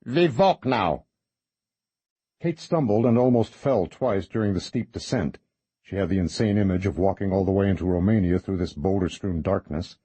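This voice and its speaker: A man reading a horror novel as narrator in a measured, even way. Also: sits low, husky, dry recording. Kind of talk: scripted audiobook narration.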